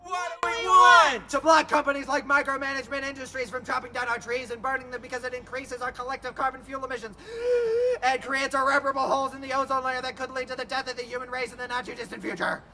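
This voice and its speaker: A man acting an earnest, excitable tree protester who chants slogans in a comedic audio drama. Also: extremely high pitch, quick pace, few pauses, heavily acted. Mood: chanting.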